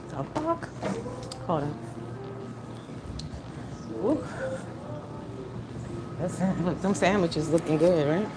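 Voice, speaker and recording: A woman's voice: mid-range voice, sing-song, takes it slowly, pauses often, over music, low-quality recording. A woman hosting a casual live stream from her car, chatting bluntly with profanity and greeting viewers by name. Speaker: livestream host. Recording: car noise in background.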